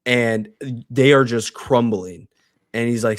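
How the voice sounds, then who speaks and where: A man co-hosting a podcast, excitedly recapping a TV show in casual, profane chat. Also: mid-range voice, no echo, studio quality. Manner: excited, profane, quotes characters in quick asides. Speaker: podcast co-host.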